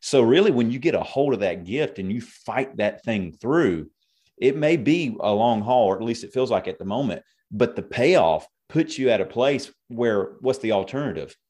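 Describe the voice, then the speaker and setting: A man's voice: mid-range voice, animated, normal speed, darkish tone, breathy edge. A man who pastors a church, talking faith in an earnest, preaching way and quoting scripture in conversation. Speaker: pastor and co-host. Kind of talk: conversational ministry talk.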